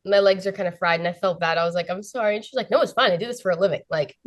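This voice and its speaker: A woman's voice: fairly low pitch, rapid-fire. Young woman gushing, full of "like". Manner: breathless, fills every phrase with "like" and "literally". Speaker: guest. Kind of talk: excited storytelling.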